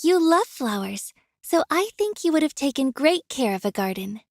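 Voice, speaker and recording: A kind young florist in a video game, chatting warmly with customers. Her voice sits high and bounces a lot. The sound is close and dry. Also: sing-song, moderate pace, dry recording. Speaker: florist shopkeeper. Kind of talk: game voice acting.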